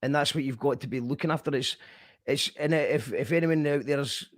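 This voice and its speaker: A man's voice: mid-range voice, fairly quick, dry recording. A man hosting a radio interview, talking in an encouraging, emphatic way with many restarts. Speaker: radio show host. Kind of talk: casual interview chat.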